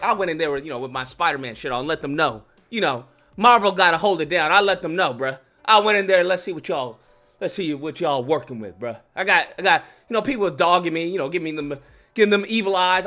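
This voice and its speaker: A man ranting comically about a movie as a YouTube host, slangy and animated, acting out scenes. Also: a little high. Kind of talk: comedic movie rant.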